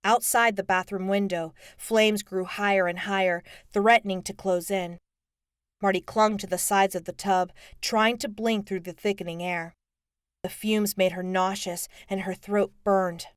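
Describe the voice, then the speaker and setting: A woman reading an audiobook in a steady, measured narration. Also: mid-range voice, smooth, no echo, studio quality.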